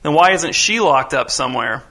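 A man's voice: on the high side, lively intonation, moderate pace, sharp tone. A man voicing a naive little boy who whines and complains. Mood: curious. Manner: whiny, plaintive.

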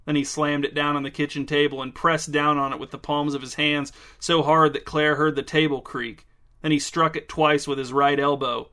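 A man narrating a story in a dry, deadpan way. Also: fairly high pitch, brisk.

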